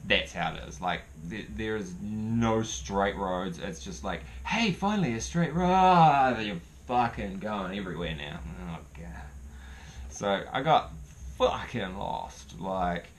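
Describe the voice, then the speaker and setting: Low-voiced New man telling a story. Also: takes it slowly, a little hiss or hum. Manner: rambling, profane, animated. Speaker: vlogger. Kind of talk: casual storytelling.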